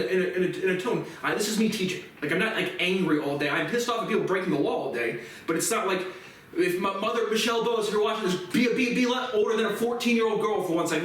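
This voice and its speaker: A man in his twenties in an agitated, profane rant to camera, his voice rising into shouts. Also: sits high, slight background noise. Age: 20s. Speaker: vlogger. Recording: very echoey room, far from mic.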